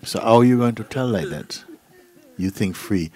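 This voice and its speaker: A middle-aged man, a spiritual teacher, giving a gentle, unhurried talk and acting out voices in his stories. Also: low voice. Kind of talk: satsang talk, storytelling. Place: gathering hall.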